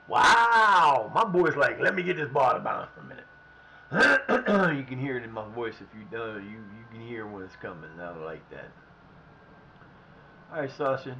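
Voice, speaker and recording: Lively animated male game streamer. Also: medium pitch, moderate pace, creaky, slight background noise, low-quality recording. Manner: frustrated, swearing, talking at his players. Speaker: streamer playing a football management game. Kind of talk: live gameplay commentary.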